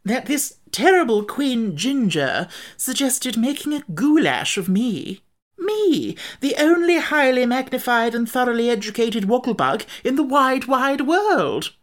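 Storybook figure: a self-important educated male bug, read by a woman, pitched high and grand. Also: big pitch swings, a little slow. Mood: alarmed. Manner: self-important, dramatic, shrill rises. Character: pompous learned male giant insect. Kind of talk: audiobook character reading.

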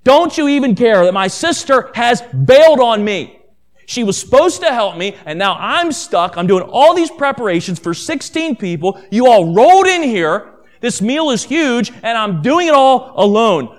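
A man's voice: very high voice, sing-song, normal speed. A man voicing an exasperated, stressed woman hostess in a reproachful outburst during a sermon.

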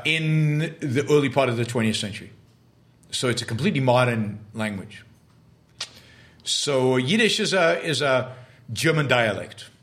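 Halting, emphatic male show host. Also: medium pitch, a bit bright. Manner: halting, repeats and restarts words, emphatic. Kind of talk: live-stream chat, answering viewer questions.

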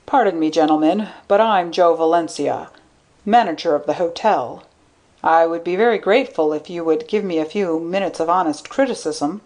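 A woman's voice: lowish voice, normal speed, a little mellow, lightly acted. A woman voicing a polite male hotel manager who speaks in a formal, courteous way.

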